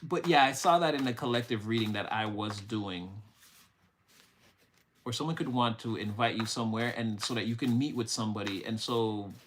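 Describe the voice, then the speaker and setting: A man's voice: on the low side, normal speed, a bit bright, slight background noise. A young man giving a live-streamed tarot reading, rambling and emotional, swearing casually as he talks to his chat. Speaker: tarot reader.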